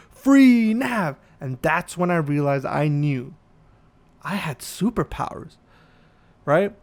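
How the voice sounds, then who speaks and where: High-voiced man ranting profanely. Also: creaky. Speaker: podcast host. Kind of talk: comedic monologue.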